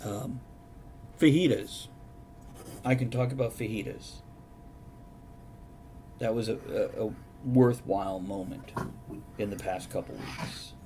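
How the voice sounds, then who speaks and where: A man's voice: lowish voice, measured pace, pauses often, warm tone, slight background noise. Wry storytelling man hosting a stream. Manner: sarcastic, mock-documentary storytelling. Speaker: host. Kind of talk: casual chat on a live stream.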